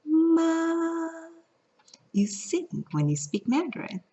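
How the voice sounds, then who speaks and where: A woman's voice: lowish voice, expressive, unhurried, darkish tone, breathy edge. A woman from California teaching a vlog lesson, playful and singing out the example tones. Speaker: Mandarin teacher. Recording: lo-fi audio.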